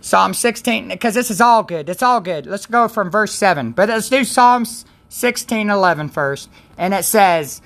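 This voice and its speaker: A woman's voice: medium pitch, lively intonation, moderate pace, few pauses, a bit bright. A woman hosting a Christian livestream, in a rambling, chatty way that keeps interrupting itself. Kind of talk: casual devotional chat.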